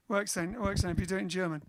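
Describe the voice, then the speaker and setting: A man's voice: high-pitched, fairly even intonation, fairly quick, crowd noise. Chatty man hosting a music livestream. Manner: chatty, jokey, reads viewer comments. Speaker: band singer and livestream host. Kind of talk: casual chat and jazz singing. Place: indoors, home livestream. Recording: music playing loud behind the voice. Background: band music.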